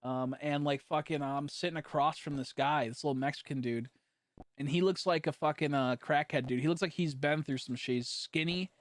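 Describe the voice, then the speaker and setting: A man streaming a game, telling a long story in a rambling, profane way full of fillers, swinging between hushed and loud. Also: a little high, normal speed, no room sound. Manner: animated, jumping from hushed to loud. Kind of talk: casual storytelling while gaming.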